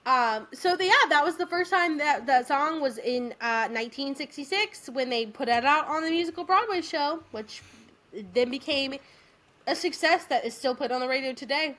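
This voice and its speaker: A young adult woman co-hosting a podcast, chatting casually and retelling scenes in an animated, giggly way. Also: sits high, normal speed. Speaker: podcast co-host. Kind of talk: casual chat.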